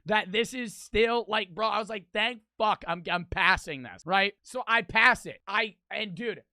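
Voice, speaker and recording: A young man telling a crude story in casual, profane, animated fashion. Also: high voice, normal speed, no echo. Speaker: streamer.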